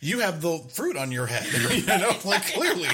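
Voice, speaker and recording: A man co-hosting a casual podcast, retelling a movie with animated storytelling, acting out quotes and laughing often. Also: sits high, moderate pace, slightly rough. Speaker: podcast co-host reviewing a movie. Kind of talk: casual chat.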